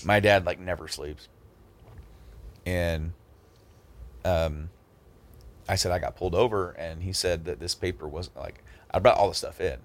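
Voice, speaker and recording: A man's voice: low-pitched, a little slow, long pauses. A man telling a story in a casual podcast chat, acting out the people in it. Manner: animated, acts out the people in his stories.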